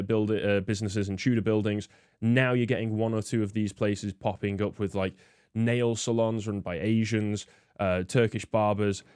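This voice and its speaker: A man's voice: fairly low pitch, darkish tone, clear, resonant tone, no echo, clean studio sound. A man hosting, giving disdainful political commentary with many fillers. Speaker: host.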